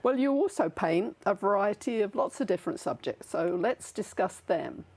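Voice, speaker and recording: A woman's voice: mid-range voice, expressive, normal speed, a little mellow, slightly rough. A woman hosting a local TV interview, reacting briefly and asking questions. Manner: brief encouraging responses and questions. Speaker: interview host.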